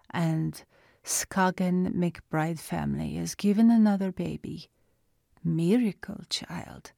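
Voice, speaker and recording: Woman reading as a Russian-accented father's spirit, clipped speech, slow, gravelly, dry sound. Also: fairly high pitch, a little mellow, no room sound. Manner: clipped phrases dropping small words. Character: father's spirit from paradise, earnest Russian man. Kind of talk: storybook narration.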